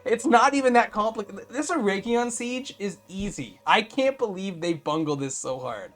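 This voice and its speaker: A man co-hosting a casual review chat, animated and exasperated, with lots of fillers and restarts. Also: high-pitched, moderate pace. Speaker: podcast co-host.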